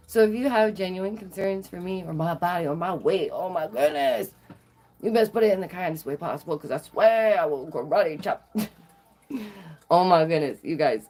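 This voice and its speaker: A woman vlogger telling stories to her viewers in a sassy, animated way, laughing often. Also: on the low side, moderate pace, pauses often. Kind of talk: casual storytelling to viewers.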